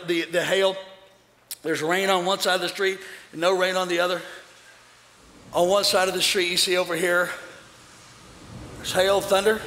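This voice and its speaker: A man preaching a sermon as pastor, shouting fiery lines and chanting repeated phrases to a congregation. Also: high-pitched. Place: large church hall with congregation. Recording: echoey church hall with crowd noise.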